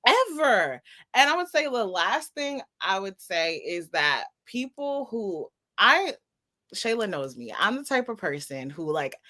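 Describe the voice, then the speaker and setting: Woman podcast co-host, blunt and jokey, middle-pitched, casual delivery. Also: big pitch swings, measured pace, bright, forceful tone. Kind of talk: casual chat.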